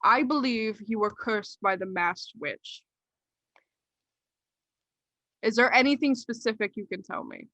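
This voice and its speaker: An anxious old village doctor fires off worried questions at his young patient, his voice bright and pushing, acted by a woman running the game. He sounds close and dry, with no room around him. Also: a little high, animated, moderate pace, dry recording, lo-fi sound, heavily acted. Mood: concerned. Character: frantic, fussy older male village doctor.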